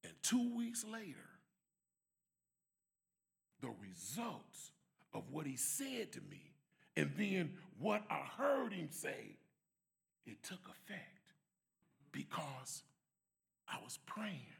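A man giving an emphatic church testimony and prayer, swinging from shouts to soft prayer. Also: on the high side, big pitch swings, slow, vocal fry, pauses often.

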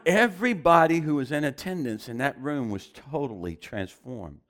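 A preacher telling a story in a sermon, animated and often chuckling as he goes. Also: mid-range voice, normal speed.

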